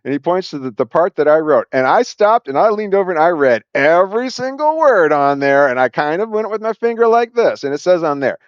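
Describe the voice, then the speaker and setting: A man telling a personal story at a quick clip, with many restarts and acted-out quotes. His voice sits in a middle register. The recording is dry and a little dull, like a lo-fi room mic. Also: on the high side, clean tone, dry recording. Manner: rambling, animated retelling with acted quotes and frequent restarts. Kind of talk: casual spoken anecdote.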